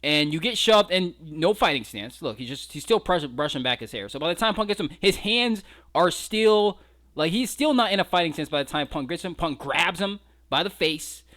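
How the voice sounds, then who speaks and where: A man's voice: on the high side, animated, normal speed, fairly bright tone. A man giving a casual, incredulous breakdown of fight footage, mocking and swearing freely. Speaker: wrestling commentary vlogger.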